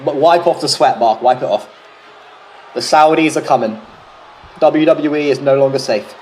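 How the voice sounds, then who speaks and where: A man's voice: mid-range voice, moderate pace, darkish tone, a little hiss or hum, low-quality recording. A British man doing casual, rambling solo play-by-play commentary of a wrestling video game, swearing freely and drifting into jokey tangents.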